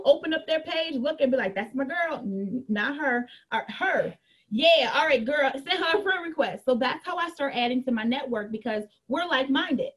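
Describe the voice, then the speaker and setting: A woman coaching an online group about her business in a candid, animated way. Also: sits high. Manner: animated and candid, acts out chats in a bright girly voice. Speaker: network marketing coach.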